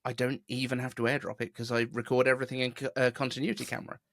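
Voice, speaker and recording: A man with a neutral southern English accent hosts a relaxed tech podcast, talking in a chatty, rambling, self-deprecating way. His voice sits at an ordinary pitch and sounds dry and close, with no room around it. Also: rapid-fire, no room sound. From southeast England. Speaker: podcast host. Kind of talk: casual podcast chat. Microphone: video call.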